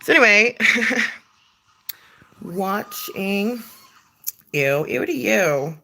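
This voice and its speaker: Chatty woman, bright and rambling. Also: medium pitch, animated, very slow, creaky, slight background noise. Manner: swearing, rambling, with laughs. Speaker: livestream host. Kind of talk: casual livestream chat. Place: home.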